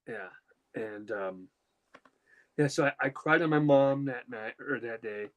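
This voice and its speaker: A man's voice: medium pitch, unhurried, fairly bright tone, rough recording. A young man telling a personal story in casual chat, emotional and rambling, with lots of fillers and restarts. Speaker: podcast host.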